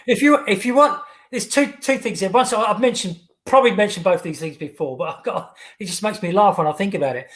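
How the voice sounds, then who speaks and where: An English man hosting a relaxed conversation, telling his stories with stops and restarts. His voice is high for a man. He sounds chatty and easygoing. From England. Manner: chatty, halting storyteller with false starts. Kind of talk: casual chat.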